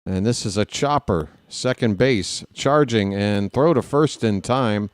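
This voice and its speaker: A man calls a baseball game for a fan channel, drifting into joking tangents between pitches. He talks at an unhurried pace with pauses between calls. His voice is dry and close, with no room around it. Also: no room sound. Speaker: play-by-play announcer. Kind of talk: fan-made live play-by-play commentary.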